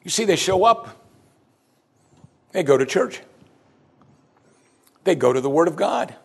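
Pastor guy preaching, kinda husky higher voice, really leaning into every point. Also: animated, a little slow. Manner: emphatic preaching with rising, urgent questions. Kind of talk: sermon.

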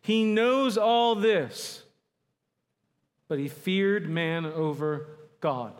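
A man preaching a sermon, emphatic, slowing down to stress key words. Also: sits high, lively intonation. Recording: long hall reverb.

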